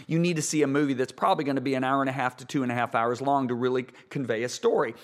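A man co-hosting a faith-based talk show, explaining spiritual ideas with earnest emphasis. He talks in a preaching style and repeats key words to drive them home. His pitch sits in the ordinary middle range for a man. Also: steady tone, very fast. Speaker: Christian talk show co-host.

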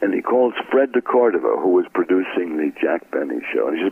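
An older actor from Brooklyn talks fast and animatedly with few pauses, his low voice gravelly and husky. He's recounting stories in an interview, performing the voices of those he quotes. The recording is dry and tinny, like a phone line.

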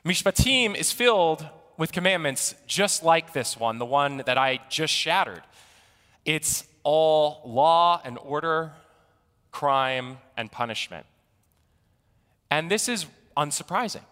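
A man giving a sermon in a deliberate storytelling manner. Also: fairly high pitch, animated, a bit bright, big-room sound. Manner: storytelling, slow and deliberate delivery. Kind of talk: sermon with an opening joke.

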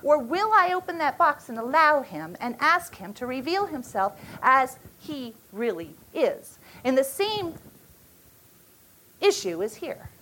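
A woman in her forties with a notably high voice leads a retreat session. She speaks earnestly, often breaking off and restarting her sentences as she works through a thought. When she tells her stories, her voice carries real emotion. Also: very animated, sharp tone, low-quality recording. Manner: earnest, halting, emotional storytelling. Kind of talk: women's retreat teaching.

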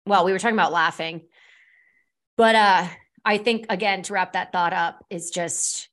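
A woman's voice: on the low side, steady tone, moderate pace, a bit bright. A woman hosting a podcast, talking casually, laughing easily and reflecting at length. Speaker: podcast host. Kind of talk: casual chat.

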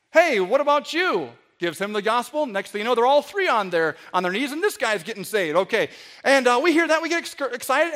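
A man preaching a sermon, telling stories and speaking with sarcastic, animated emphasis to his congregation. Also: very high voice. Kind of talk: sermon with storytelling.

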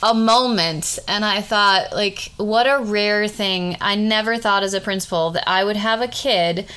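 A woman's voice: mid-range voice, measured pace, bright, forceful tone, smooth. A middle-aged woman, a school principal, talking casually and heartfelt, with frequent restarts. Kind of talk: casual conversation.

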